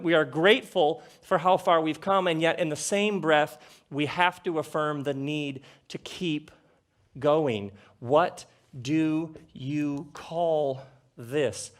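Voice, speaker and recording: A middle-aged man giving a live talk on a theater stage, conversational and jokey, with rhetorical questions and dramatic pauses. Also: on the high side. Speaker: speaker addressing a live audience.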